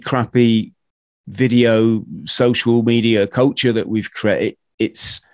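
A man's voice: on the low side, dry recording. Ranting man, dry close sound. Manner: animated, ranting, swears casually. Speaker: podcast host. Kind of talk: casual conversational podcast.

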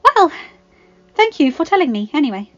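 A woman's voice: sits high, animated, moderate pace, muffled recording, soft background music, voice pushed up. A woman voicing a polite, earnest young heroine in a storybook reading.

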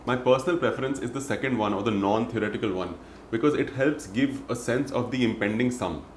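A man giving a spoken music lesson, explaining and chanting rhythm syllables and counts in a steady recitation. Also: medium pitch, fairly quick. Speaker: music teacher. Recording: roomy echo, faint noise.

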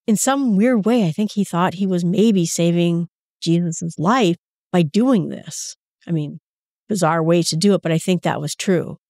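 A woman's voice: on the low side, measured pace, darkish tone, dry recording, studio quality. A woman hosting a Bible teaching podcast who talks casually and mixes in personal stories and asides. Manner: conversational storyteller with asides.

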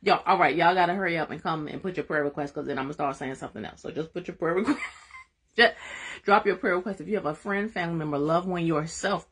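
A woman hosting a live-streamed Bible study, excitable and emphatic in a folksy way, drifting into soft prayer. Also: lowish voice, quick pace, slightly rough.

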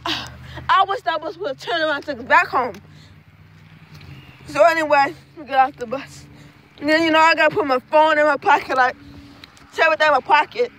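A woman's voice: high-pitched, lively intonation, normal speed, long pauses, background noise. A young woman telling a rambling, profane storytime vlog outdoors at dusk, tagging her phrases with "okay?". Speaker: student vlogger.

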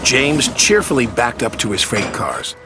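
A man reads a children's storybook aloud, his mid-pitched voice rising and falling with lively expression. Music plays clearly behind him. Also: a little slow. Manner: animated reading. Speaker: narrator. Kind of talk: storybook narration.

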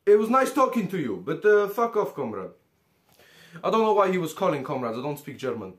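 A man's voice: on the high side, big pitch swings, fairly quick. A man hosting a comedic history explainer, joking and swearing and calling his viewers comrades. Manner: profane, jokey, calls the audience comrades constantly. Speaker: history video host.

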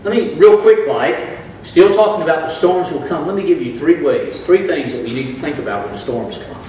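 A pastor delivers a sermon in a slightly high, expressive voice with a darkish tone, talking a bit fast and rising into bursts of emphasis while calling on the congregation to answer back. It's recorded from far off in an echoey church sanctuary, with slight background noise.

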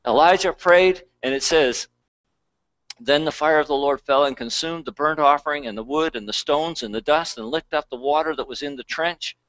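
A man's voice: a little high, moderate pace, fairly bright tone, no room sound, poor audio. A man pastor preaching a conversational sermon, reading scripture aloud between plain asides.

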